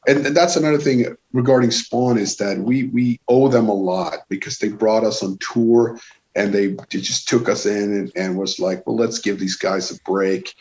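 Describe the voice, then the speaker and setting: A man's voice: on the low side, normal speed, muffled recording. Swedish man, swearing and restarting. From Sweden. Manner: swears freely, many restarts, animated storytelling. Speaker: guest musician. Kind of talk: casual podcast chat.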